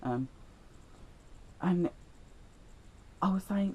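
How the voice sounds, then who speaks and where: A man's voice: medium pitch, animated, moderate pace, a little mellow, rough recording. Teen boy vlogger, rambling and self-deprecating, telling school stories. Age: teens. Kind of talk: storytime vlog.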